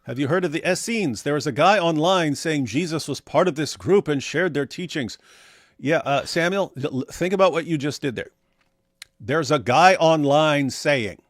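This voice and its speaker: A man's voice: on the high side, a little fast, no room sound, clean studio sound. A man co-hosting a casual livestream, reading viewer messages aloud and answering them with sarcastic, mocking asides. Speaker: livestream co-host reading super chats.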